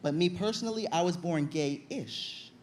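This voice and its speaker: A young man from Virginia performing stand-up comedy on stage, telling an animated story with loud acted-out outbursts. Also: high-pitched, a little slow. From Virginia, USA. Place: comedy stage before an audience.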